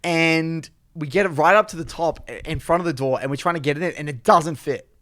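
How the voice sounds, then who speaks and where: A man spins a casual story on a podcast, his voice sitting a little high for a man. He rambles and pads his sentences with "like" as he talks it through. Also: brisk, fairly bright tone. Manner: rambling, filler-heavy storytelling with frequent "like". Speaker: podcast co-host.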